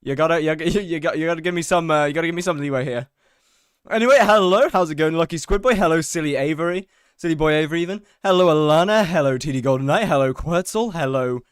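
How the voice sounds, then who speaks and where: A man's voice: a little high, fast talker, smooth, no room sound, studio quality. A young man streaming live, chatting casually and greeting viewers one by one, slightly out of breath. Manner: chatty, greets chat by name, self-mocking.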